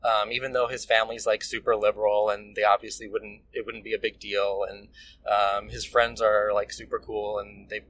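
A man's voice: fairly low pitch, level tone, moderate pace, a bit bright, slight background noise, low-quality recording. A young man co-hosting a podcast, teasing and enthusiastic, with lots of fillers. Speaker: podcast co-host. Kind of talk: casual chat.

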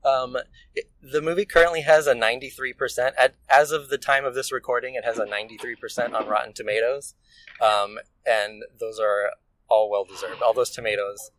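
A man's voice: medium pitch, fairly even intonation, fairly quick, a bit bright, poor audio. A young man co-hosting a podcast, teasing and enthusiastic, with lots of fillers. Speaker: podcast co-host. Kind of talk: casual chat.

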